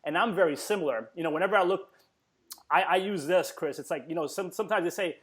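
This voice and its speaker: Fast-talking enthusiastic male host. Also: high voice, fairly bright tone. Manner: enthusiastic, effusive praise. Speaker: podcast host. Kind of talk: interview.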